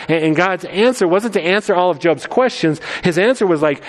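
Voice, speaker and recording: A man's voice: sits high, expressive, fairly quick, hardly any pauses, big-room sound. A man preaching a sermon, emphatic and conversational, often repeating words as he restarts his sentences. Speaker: pastor.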